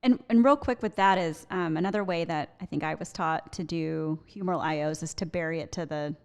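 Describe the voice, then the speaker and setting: A woman co-hosting a podcast interview, jumping in with quick follow-up points. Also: sits low, smooth. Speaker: podcast co-host.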